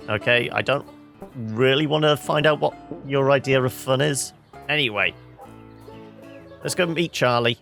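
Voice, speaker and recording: Bright-voiced man chatting over gameplay. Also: mid-range voice, measured pace, gravelly, pauses often, soft background music. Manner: rambling, self-correcting, wry. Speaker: gameplay video host. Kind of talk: let's play commentary.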